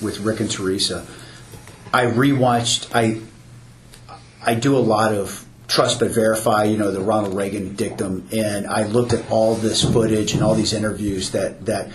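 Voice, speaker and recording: A man's voice: on the low side, fairly even intonation, moderate pace, a little hiss or hum. Earnest man in a roomy space. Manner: earnest, repeats words when starting sentences. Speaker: new owner of an ice cream stand. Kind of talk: casual podcast conversation. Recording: roomy with faint background ambience.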